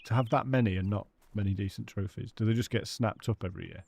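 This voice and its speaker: A man's voice: lowish voice, fast talker, creaky, darkish tone. A British man live-streaming a hunting game, chatting casually with his viewers and greeting them by name.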